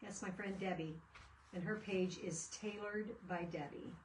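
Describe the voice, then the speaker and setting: A woman's voice: medium pitch, fairly even intonation, unhurried, slight background noise. A woman hosting a casual craft video, chatting and rambling through stories as she works. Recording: echoey room, mic at a distance.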